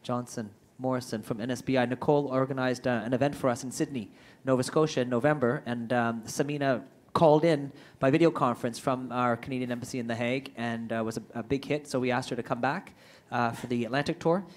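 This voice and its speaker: A man's voice: mid-range voice, fairly even intonation, fast talker. A man moderating a trade forum, introducing speakers in a loose, joking way with many fillers. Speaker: event moderator.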